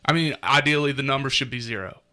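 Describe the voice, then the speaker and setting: Male podcast co-host, bright voice, loose and profane, reads numbers aloud. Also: medium pitch, quick pace. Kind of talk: casual podcast chat.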